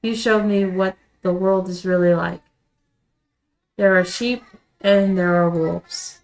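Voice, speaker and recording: A woman voicing a clingy, eerily devoted young woman in a visual novel, speaking tearfully and haltingly with stammered restarts. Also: fairly low pitch, fairly even intonation. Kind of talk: reading a visual novel aloud.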